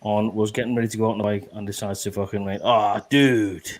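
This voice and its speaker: A man's voice: lowish voice, quick pace. A man with a British accent, a serving soldier, swearing freely as he tells army stories in a casual chat. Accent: British English. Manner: sweary, animated storyteller.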